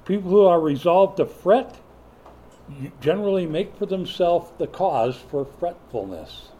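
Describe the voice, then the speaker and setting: An older man preaching a sermon, a folksy joking storyteller who builds to loud, emphatic preaching. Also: high voice, expressive, measured pace, muffled recording, a little hiss or hum. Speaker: pastor.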